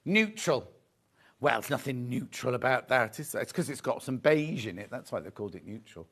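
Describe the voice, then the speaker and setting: A middle-aged man hosting a live fabric sales show, chatting excitedly and teasing the crew. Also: mid-range voice, fairly quick. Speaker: shopping show host.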